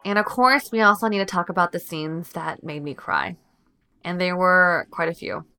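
Woman talking through a drama she loved, kinda low voice, lots of "like", heartfelt and chatty. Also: normal speed, bright, forceful tone, clear, resonant tone, faint music behind. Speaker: drama reviewer. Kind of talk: casual chat.

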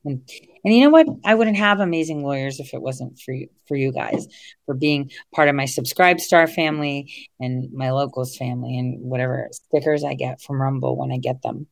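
Low-pitched woman ranting to her followers, cussing, going off on tangents, dry sound. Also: moderate pace, creaky, no echo. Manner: blunt, swears freely, digresses and laughs mid-rant. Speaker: online political commentator. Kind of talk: casual monologue to an online audience.

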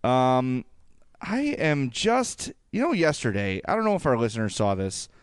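Male podcast co-host, clean resonant voice, dry booth sound, ranty and animated. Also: medium pitch, normal speed, smooth, no room sound. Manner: animated, ranting, jokey asides. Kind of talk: casual sports podcast chat.

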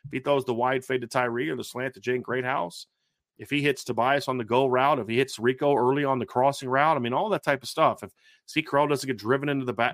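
A man's voice: medium pitch, a bit bright, no room sound, studio quality. A man hosting a sports podcast, talking through football questions in an emphatic, repetitive way. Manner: emphatic, repeats himself and restarts. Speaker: podcast host. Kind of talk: sports talk show analysis.

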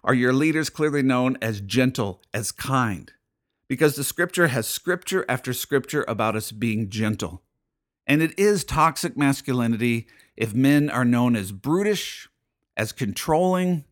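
A man hosting his own show as a pastor, talking in an emphatic, preachy monologue full of rhetorical questions. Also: medium pitch. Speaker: podcast host and pastor. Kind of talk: fired-up spoken monologue.

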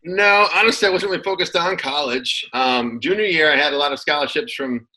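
Former football player as interview guest, thirties, bright voice, relaxed and rambling. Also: male voice, a little high, fairly quick, poor audio. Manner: relaxed storyteller, many fillers and restarts. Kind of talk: casual interview chat.

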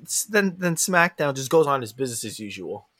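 A man chatting on a wrestling podcast, telling the story with lots of swing in his voice and acting out the characters' lines. His tone is mid-pitched and lively, and the sound is dry and close with no room echo. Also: brisk, slightly rough. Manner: animated storyteller, acts out quotes with big pitch jumps. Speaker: podcast co-host. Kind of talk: casual wrestling recap chat.

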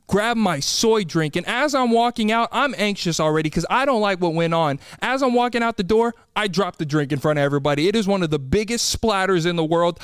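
A man hosting a podcast, telling comedic stories in an animated, exasperated way and acting out the people in them. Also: high voice, clear, resonant tone, no room sound, studio quality. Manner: animated, exasperated storytelling with quoted voices. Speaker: podcast host. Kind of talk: comedic storytelling monologue.

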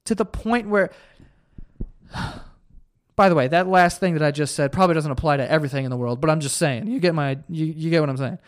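Young man, podcast host, solo rant, heated, profane, sarcastic, slightly high voice. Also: brisk, pauses often, no room sound, clean studio sound.

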